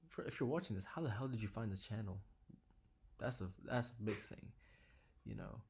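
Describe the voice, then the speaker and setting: A young man talking quietly and earnestly in a personal vlog from his living room, sometimes dropping to a whisper. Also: lowish voice, animated, a little fast, creaky, breathy edge. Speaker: vlogger.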